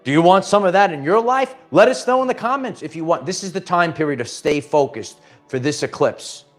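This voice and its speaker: A man's voice: on the high side, animated, fairly quick, faint music behind. A man hosting a casual livestream pep talk, rambling and upbeat, motivating viewers and reading out their comments. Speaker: host.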